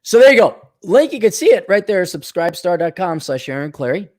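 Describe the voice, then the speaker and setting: A blunt, sarcastic vlogger from the Milwaukee area, USA, rants casually straight to camera, jumping between jokes, complaints and asides. His voice sits a little high for a man, sing-song and darkish, moving a little fast.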